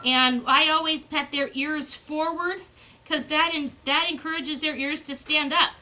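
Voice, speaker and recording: High, bright-voiced chatty woman. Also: fairly even intonation, unhurried, a little hiss or hum. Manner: chatty, switching into sing-song baby talk with the pups. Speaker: dog breeder. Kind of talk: casual explaining while handling puppies. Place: outdoors on a farm.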